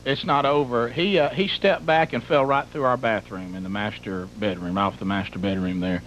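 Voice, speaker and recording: A man's voice: medium pitch, fairly even intonation, moderate pace, a bit bright. A middle-aged man, hosting a radio show and telling a comic story in a rambling, exaggerated way that piles up details. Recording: muffled broadcast with faint hum.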